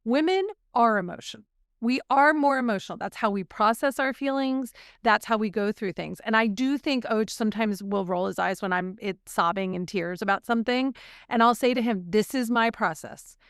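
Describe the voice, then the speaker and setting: A woman co-hosting a podcast talks candidly and reflectively in a casual chat, openly showing emotion. Her fairly high voice is smooth, at normal speed, in a dry, clean studio recording.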